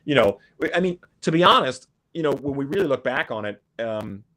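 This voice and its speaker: A man's voice: mid-range voice, animated, fairly quick, pushed and bright. A man talking as a guest in a casual chat, rambling and repeating his words. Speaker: guest musician.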